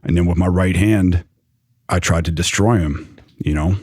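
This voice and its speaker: Deep-voiced man telling his story. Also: moderate pace, darkish tone, no room sound, studio quality. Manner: loose, rambling with many fillers. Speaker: storyteller recounting his past. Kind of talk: personal story in conversation.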